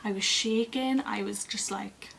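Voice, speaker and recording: A young woman, chatting casually to camera as she tells a long personal story in an expressive, lively way. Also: mid-range voice, measured pace, gravelly, a little hiss or hum. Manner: chatty and expressive, acting out other people's lines. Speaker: beauty vlogger.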